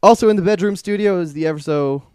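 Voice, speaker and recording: A young man hosts a laid-back podcast from a home studio, rambling easily from one thing to the next. His voice is smooth and clear. The sound is dry and close. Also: sits high, quick pace, a little mellow, no echo. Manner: easygoing, rambling, laughs often. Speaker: podcast host. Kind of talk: casual chat.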